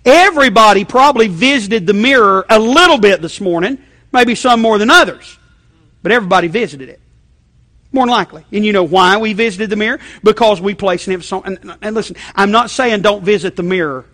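High-voiced conversational male preacher. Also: a little fast. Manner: conversational, repeating check-ins, frequent restarts; shifts between loud emphasis and quiet low asides. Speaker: pastor. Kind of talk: sermon.

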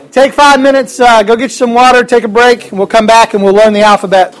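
High-voiced upbeat man teaching a class. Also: steady tone, moderate pace, clear, resonant tone. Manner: upbeat, chatty, joking asides. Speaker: Greek teacher. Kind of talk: classroom lesson.

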